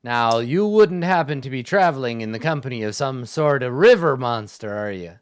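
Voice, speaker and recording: A man voicing a huge, stern but bumbling male camp commander in a tabletop game, gruff and suspicious. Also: medium pitch, expressive, normal speed, close to an everyday voice. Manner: gruff and suspicious, easily distracted.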